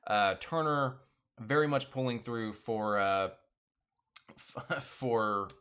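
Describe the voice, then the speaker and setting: A man's voice: medium pitch, takes it slowly, fairly bright tone, smooth. A man hosting a casual live-stream recap, rambling with lots of fillers and restarts and laughing often. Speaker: show recap host.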